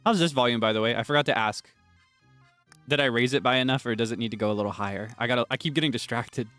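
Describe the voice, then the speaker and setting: A man streaming a game, chatting casually and rambling between sudden loud, high outbursts. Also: fast, dry recording, faint music behind. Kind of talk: casual gameplay chat.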